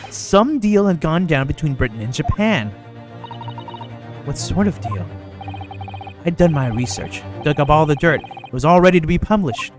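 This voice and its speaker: A man's voice: on the high side, close to an everyday voice. A man voicing a bitter, vengeful male journalist who turned killer, reading game dialogue aloud over music.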